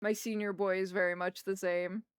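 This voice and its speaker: Smooth-voiced woman chatting on a livestream. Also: medium pitch, little pitch movement, normal speed, no room sound, studio quality. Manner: chatty, rambling, talks to her pets. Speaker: streamer. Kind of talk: casual livestream chat while drawing. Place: home desk in a wheeled chair.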